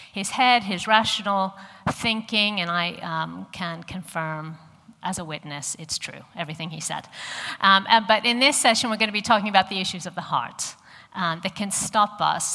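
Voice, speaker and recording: A woman's voice: lowish voice, gravelly, big-room sound. An American woman in her fifties giving a sermon, chatty and earnest with personal stories. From USA. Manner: warm, chatty and earnest, with many fillers. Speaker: church speaker.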